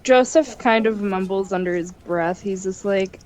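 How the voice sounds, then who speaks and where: A woman's voice: mid-range voice, moderate pace, darkish tone. A woman playing a tabletop game, speaking hesitantly with stumbling starts. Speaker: player.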